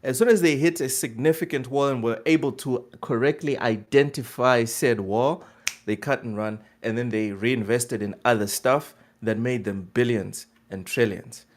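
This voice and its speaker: A man co-hosting a casual gaming podcast, animated and joking, swearing freely. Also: mid-range voice, moderate pace. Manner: animated, swears, laughs a lot. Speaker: podcast co-host.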